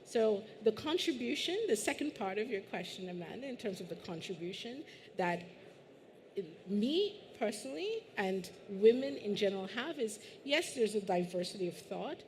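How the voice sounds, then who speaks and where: A woman's voice: mid-range voice, sing-song, moderate pace. A woman from Guyana speaking on a conference panel in an earnest, conversational way, with the odd restart. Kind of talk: panel discussion. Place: conference stage.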